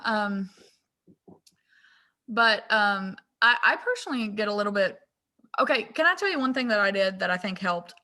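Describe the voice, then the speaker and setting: A woman's voice: medium pitch, lively intonation, bright, forceful tone. A young woman, chatting candidly as a guest designer and laughing at herself. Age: young adult. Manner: candid, self-deprecating, quick to laugh at herself. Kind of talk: casual interview chat.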